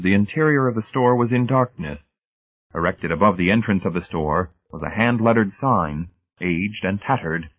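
A man reading a novel aloud as audiobook narrator, in steady, measured scripted narration. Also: low-pitched. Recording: tinny phone-like band.

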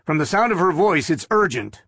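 Tired patrol cop read by a man, fed-up manner, husky voice, dry close sound, audiobook. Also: a little high, big pitch swings, normal speed, fairly bright tone, no room sound, pitched above the performer's own voice, exaggerated voice. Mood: weary. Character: weary adult male police officer on night patrol.

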